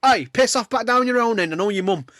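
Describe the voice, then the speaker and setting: A man putting on a grumpy old man, shouting stern scoldings at kids. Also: very high-pitched, animated, fast, no echo, clean studio sound, pitched above the performer's own voice. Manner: barking, scolding.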